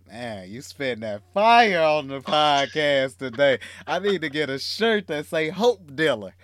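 A man's voice: a little high, sing-song, measured pace, a bit bright. A man hosting a podcast, affirming and echoing his guest with enthusiasm. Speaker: podcast host. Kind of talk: casual podcast chat.

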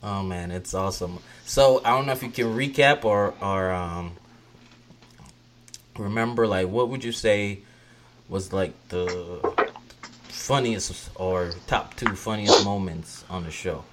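A man hosting a casual interview, asking questions in a relaxed way and reacting with short replies and laughs. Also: deep voice, unhurried. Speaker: podcast host.

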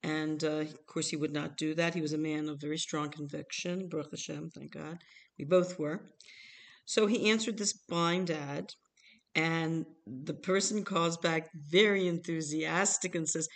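A woman's voice: deep voice, moderate pace. An older American woman telling family stories to her child, chuckling and acting out the people in them. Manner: animated, chuckling, acts out voices in her stories. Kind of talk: casual storytelling.

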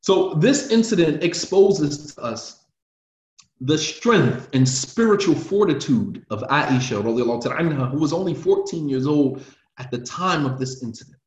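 Impassioned imam in a roomy, dull recording. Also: male voice, a little high, expressive, normal speed, darkish tone. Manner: emphatic, impassioned, repetitive. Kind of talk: religious class lecture.

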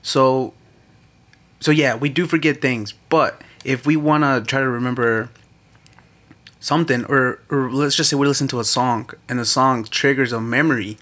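A man's voice: medium pitch, steady tone, normal speed, fairly bright tone. A young man co-hosting a podcast, chatting in a laid-back way and switching between Spanish and English. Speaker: podcast co-host. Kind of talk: casual chat.

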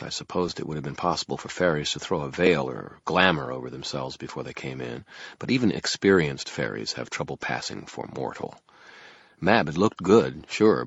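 Super deep husky guy narrating a wry audiobook, dry close sound. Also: no echo. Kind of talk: first-person audiobook narration. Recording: muffled lo-fi recording.

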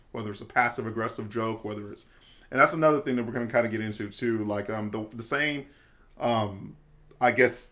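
In a casual conversation, a young man with a bright-ish, mid-range voice spins loose stories. He keeps interrupting himself, restarting often and leaning on fillers.

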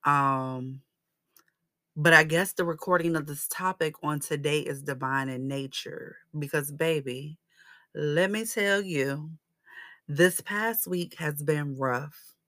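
Woman, podcast host, faith talk, low voice, slow and deliberate, dry close sound. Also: sharp tone, no room sound. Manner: earnest, conversational, emphatic when declaring faith. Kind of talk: casual faith-based podcast monologue.

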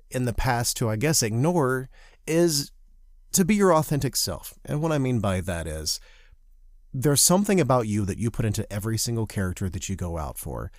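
A man from the Southern United States co-hosting a podcast, an actor telling animated, self-deprecating stories and giving advice. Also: medium pitch, dry recording, studio quality. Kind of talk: casual chat with advice.

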